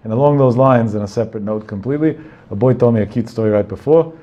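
A man's voice: medium pitch, quick pace, warm tone, muffled recording. A man giving a religious talk, telling anecdotes in a digressive way with Hebrew terms mixed in. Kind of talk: Torah talk with storytelling.

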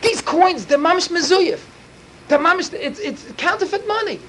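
A man voicing an angry judge in a told story, outraged and shouting in bursts. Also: high voice, huge pitch swings, very fast, slight background noise. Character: angry, shrill male judge.

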